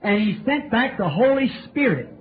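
A high-voiced man preaches a revival sermon, his pitch leaping and falling in a lively, sing-song way. He calls out questions to the congregation with fervent conviction. The sound is a tinny, phone-thin old tape recording with a faint hiss behind it. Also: moderate pace. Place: church tabernacle.

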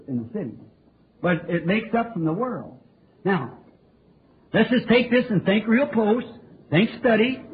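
A man preaching a revival sermon in a church, fervent and sing-song, calling for answers from the crowd. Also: high-pitched. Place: church tabernacle. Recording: tinny lo-fi old tape with hiss.

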